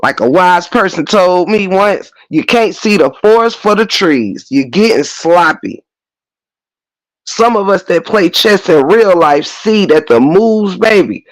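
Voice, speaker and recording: A man's voice: high-pitched, dry recording, poor audio. A man hosting a commentary stream, ranting bluntly with heavy slang, cursing and mocking. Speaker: commentary host. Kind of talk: unscripted rant.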